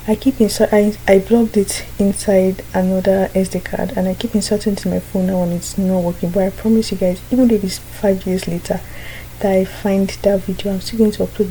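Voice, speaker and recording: Mellow young woman talking to camera. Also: medium pitch, fairly even intonation, moderate pace, slight background noise, rough recording. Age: young adult. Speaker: vlogger. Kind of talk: casual vlog talk to camera.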